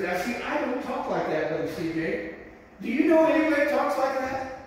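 An older male pastor preaches with a high, lifted voice, stopping often to praise God as he tells his testimony. He sounds distant from the mic, and a long, booming echo fills the hall around him. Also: very animated, a little fast, a little hiss or hum. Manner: testifying, repeats praise phrases. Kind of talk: sermon. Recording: echoey hall from far off.

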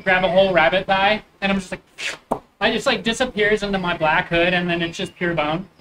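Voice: medium pitch, steady tone, brisk, a bit bright, poor audio. A player in a tabletop game, friendly and reassuring, often laughing. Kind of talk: tabletop role-play chat.

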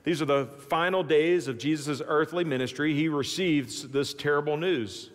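A male pastor with a high-pitched voice, preaching a storytelling sermon that swings from loud to hushed with folksy asides. His voice rings with long reverb through a large church sanctuary. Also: normal speed, hardly any pauses. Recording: echoey church hall.

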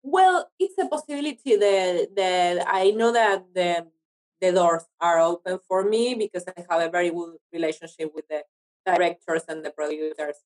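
An Argentinian actress speaks English as a second language in a casual interview, often pausing to search for words. She has an Argentinian Spanish accent and a fairly low-pitched voice. The audio quality is poor.

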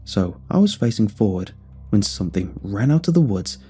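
Man, horror narration, measured, ominous, husky, low-pitched, faint background music. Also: big pitch swings, mellow.

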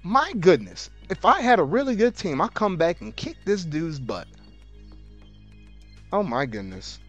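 Male let's-play host, voice a touch high and highly lively, exasperated casual slang, faint game music behind. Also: measured pace, highs cut off. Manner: exasperated, swings between grumbling and loud outbursts; casual slang, repeats himself. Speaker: gaming video host.

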